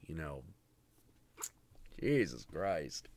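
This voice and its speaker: A man's voice: on the low side, sing-song, unhurried, fairly bright tone, dry recording, clean studio sound. A man hosting a casual live stream, rambling sarcastically and swearing constantly while mocking film characters. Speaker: podcast host. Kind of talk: profane casual stream chat.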